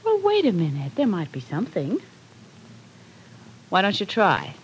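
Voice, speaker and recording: A sneering radio-drama villainess. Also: female voice, medium pitch, very animated, measured pace, low-quality recording. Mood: mocking. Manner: sneering, mocking, relishes cruelty. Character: cruel, gloating woman villain holding a captive. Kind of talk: 1940s radio drama acting. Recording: faint hiss of an old radio broadcast.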